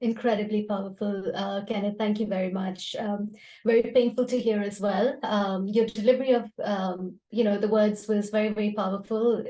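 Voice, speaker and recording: A woman's voice: mid-range voice, fairly even intonation, moderate pace, mellow, roomy sound. A woman hosting an online poetry evening, speaking hesitantly with many fillers. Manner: hesitant, filler-heavy, appreciative. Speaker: event host. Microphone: video call.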